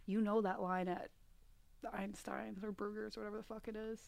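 A woman's voice: medium pitch, level tone, fairly quick, creaky, a little mellow. A young woman co-hosting a podcast, throwing in dry, teasing remarks during casual chat. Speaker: podcast co-host.

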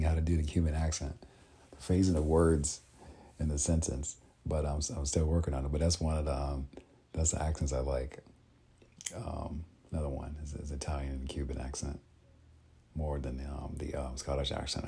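A man hosting a casual solo podcast, speaking haltingly with many pauses and restarts. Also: extremely low pitch, vocal fry, dark tone, breathy edge. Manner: halting, full of ums and restarts. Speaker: podcast host.

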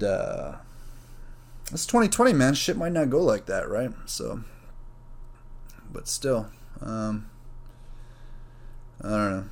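A young man hosting a casual solo podcast, rambling and swearing freely, with sudden bursts of high mock voices when he imitates other people. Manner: rambling, profane, animated, mimics others in a raised voice. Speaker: podcast host.

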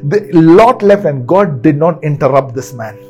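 A male pastor preaches with repetition and rising excitement, dropping to quiet asides and then building back up. His voice is slightly high yet mellow. Soft music plays under him in the church. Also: moderate pace. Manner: repetitive, excitable, swinging from hushed to shouted. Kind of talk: sermon.

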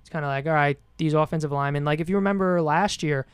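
A man's voice: a little high, quick pace, clear, resonant tone, no echo. A man co-hosting a casual sports podcast, talking in a loose, rambling way. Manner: rambling, lots of fillers and restarts. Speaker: podcast co-host.

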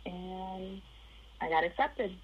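A woman's voice: lowish voice, expressive, slow, lo-fi sound, a little hiss or hum. A woman from the Chicago area telling her life story in an interview, acting out the voices of the people in it.

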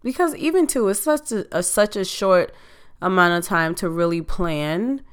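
A woman hosting a podcast in casual chat, her voice slightly hoarse and still recovering, speaking in a conversational, reflective way. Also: fairly low pitch, lively intonation. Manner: conversational, reflective, drawn-out delivery. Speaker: podcast host.

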